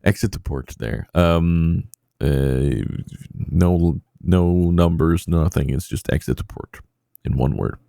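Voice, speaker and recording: A man's voice: low-pitched, slow, vocal fry, mellow, no echo, studio quality. A man hosting a casual podcast, rambling with many fillers and poking fun at himself. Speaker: podcast host.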